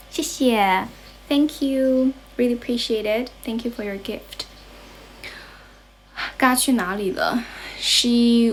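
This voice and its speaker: A young Chinese woman with a Chinese accent and a fairly high voice chats casually on a livestream from her grandmother's home, with a little hiss or hum in the audio. She's a livestream host and English teacher who switches between English and Chinese in this bilingual chat.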